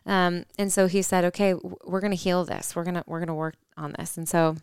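A woman's voice: fairly low pitch, steady tone, fairly quick, a little mellow, clean tone, no echo, clean studio sound. A woman in her thirties earnestly telling a personal story on a podcast, reflective, with fillers and restarts. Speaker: podcast co-host.

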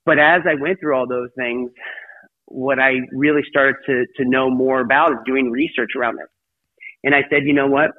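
A man's voice: mid-range voice, steady tone, normal speed. A middle-aged man, an interview guest, telling a personal story in a rambling way full of "you know" fillers. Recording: tinny phone-line sound, dry.

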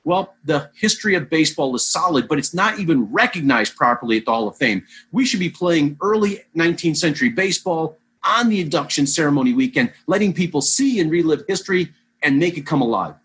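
A man who plays vintage baseball, a guest in a casual interview, rambles animatedly through long anecdotes and keeps restarting. His voice is fairly high and husky, a little fast.

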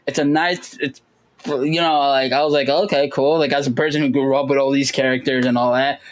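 A man co-hosting a casual podcast chat, animated and jumping into high voices when he quotes people. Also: fairly quick, rough recording. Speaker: podcast co-host.

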